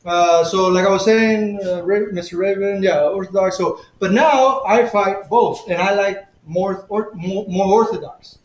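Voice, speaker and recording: Male livestream host, high voice, loose rambling chat, echoey room. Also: a little slow, hardly any pauses. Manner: rambling, self-correcting, chatty. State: drinking a beer.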